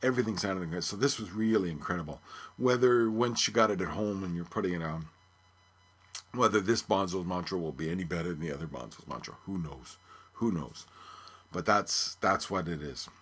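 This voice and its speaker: A man's voice: deep voice, fast talker, fairly bright tone, slightly rough. A man hosting a podcast, thinking aloud in casual music commentary. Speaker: podcast host.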